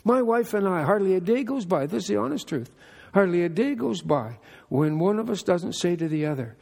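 An older man delivers a relaxed, chatty sermon full of joking asides. His voice sits a bit high, with a raspy, gravelly texture. The sound carries the long echo of a church hall. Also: fairly quick. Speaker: pastor. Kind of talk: conversational sermon. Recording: echoey hall reverb.

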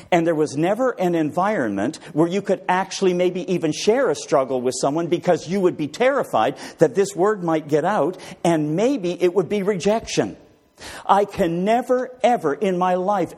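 A man preaching a sermon, asking his listeners rhetorical questions. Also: fairly high pitch. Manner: animated, rhetorical questions to the congregation.

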